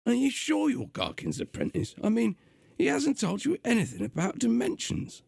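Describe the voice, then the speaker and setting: Brief: male reader doing a gruff London-accented demon, high and gravelly, impatient. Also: wildly swooping pitch, moderate pace, a little mellow, dry recording, clean studio sound, full character voice. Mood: exasperated. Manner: gruff, exasperated.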